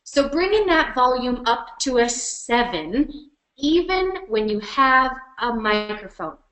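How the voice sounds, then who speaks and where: A woman coaching presenters in a webinar from her computer, speaking energetically and with emphasis, shifting her speed and loudness to show each point. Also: a little high, echoey room, slight background noise, rough recording. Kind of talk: instructional webinar workshop. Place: at her computer on a web call.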